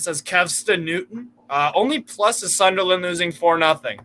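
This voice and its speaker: An American man co-hosting a live football watchalong, joking loudly and swearing freely. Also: high-pitched, moderate pace. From United States. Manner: loud, profane, jokey. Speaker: co-host of fan watchalong. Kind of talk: casual live-stream chat.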